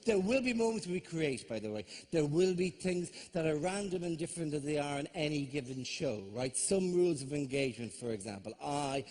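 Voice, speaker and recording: An Irish man performing live stand-up comedy, rambling quickly and breaking into shouted, panicky asides. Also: a little high, animated. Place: theatre stage. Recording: live venue with audible audience ambience.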